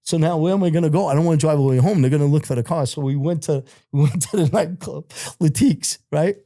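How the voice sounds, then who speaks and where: Middle-aged New man, mellow dark voice, lively profane storyteller, dry close mic. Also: fairly high pitch, fast, no room sound. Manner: animated, profane, laughs through his stories. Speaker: interview guest. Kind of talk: casual storytelling.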